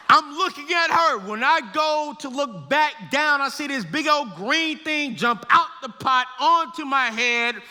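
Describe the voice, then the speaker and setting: A man giving a comedic storytelling talk to students, animated and laughing as he acts out scenes. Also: very high voice, measured pace, few pauses. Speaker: speaker to students. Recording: echoey hall.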